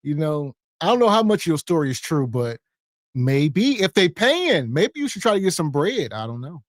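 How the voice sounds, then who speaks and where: A laid-back male podcast host gives casual commentary and reads viewer comments aloud. His voice is somewhat high for a man. The sound is dry and close to the mic. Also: big pitch swings, normal speed, no echo.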